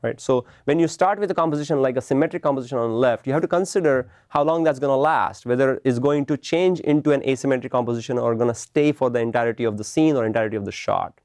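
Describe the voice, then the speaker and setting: A man's voice: mid-range voice, fast, hardly any pauses, darkish tone, no room sound, studio quality. A man giving a classroom lecture, explaining patiently and checking in with "right?" as he goes. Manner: explanatory, tags points with "right?". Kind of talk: classroom lecture on film composition.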